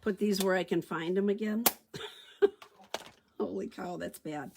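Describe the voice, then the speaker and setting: Unhurried woman thinking aloud at craft demo. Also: medium pitch, vocal fry, noisy background. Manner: chatty, thinks aloud while working. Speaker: stamping demonstrator.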